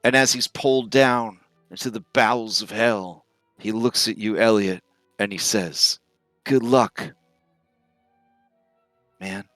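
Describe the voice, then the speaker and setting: A man narrating a tabletop game as game master, telling the story in a relaxed way with frequent fillers. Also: lowish voice, measured pace, no room sound, soft background music.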